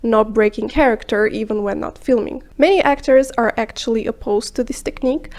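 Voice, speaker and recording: Woman, high-ish voice, scripted review narration, measured and explanatory, with the odd hushed aside. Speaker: film review vlogger.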